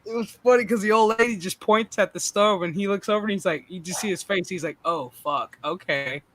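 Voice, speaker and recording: A man hosting a casual stream chat, telling animated, profane stories. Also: high voice, a little fast, slight background noise. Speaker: streamer host.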